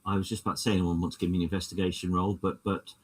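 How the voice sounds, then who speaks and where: A man's voice: low voice, flat delivery, racing, breathy edge, distant mic. A man running a tabletop horror game as game master, often hesitating and restarting sentences.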